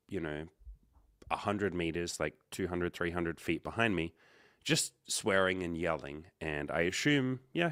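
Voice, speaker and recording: A man who hosts livestreams and works as a coach tells a story casually in a low-pitched, slightly bright voice. He rambles, corrects himself, and quotes dialogue, all recorded in studio quality with no echo.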